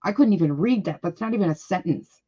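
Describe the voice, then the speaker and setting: A woman's voice: lowish voice, lively intonation, quick pace, mellow, breathy edge, muffled recording. A woman hosting a live reaction stream, reading comments aloud and reacting in a blunt, indignant way with plenty of swearing. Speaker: livestream reaction host.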